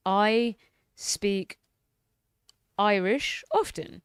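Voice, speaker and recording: A woman's voice: medium pitch, slow pace, clean tone, dry recording, clean studio sound. A woman streamer chatting casually, cursing freely and sounding out words as she practises them. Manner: casual, swears freely, repeats phrases while learning. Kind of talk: casual chat.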